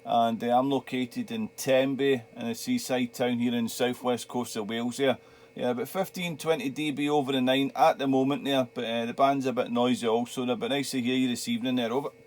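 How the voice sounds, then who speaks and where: A man's voice: medium pitch, a little fast. A middle-aged man with a Scottish accent, chatting casually and rambling a little as a ham radio operator in his home radio shack. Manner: relaxed, chatty, laughs easily, rambling.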